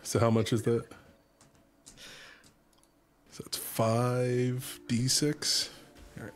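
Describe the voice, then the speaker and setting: A man playing in a tabletop game, relaxed and laughing as he talks through his turns. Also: medium pitch, extremely slow. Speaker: player. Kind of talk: casual tabletop play.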